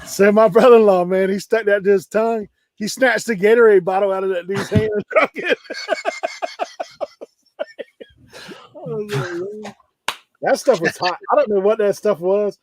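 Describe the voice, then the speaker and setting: A man's voice: high voice, moderate pace, pauses often. A man telling rambling stories in a casual chat, laughing often. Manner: laid-back rambling storyteller, laughs often. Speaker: co-host reseller.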